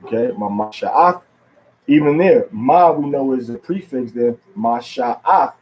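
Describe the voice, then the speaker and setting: A man giving an informal religious lesson on Hebrew pronunciation, pausing often with fillers and repeating words as he thinks. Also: medium pitch, mellow, poor audio. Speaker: religious teacher.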